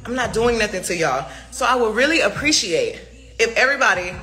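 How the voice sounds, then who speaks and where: Heated, bright-voiced woman ranting. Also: on the high side, lively intonation, a little fast, faint music behind. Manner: profane, fires off rhetorical questions. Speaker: artist speaking to fans. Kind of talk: heated livestream rant.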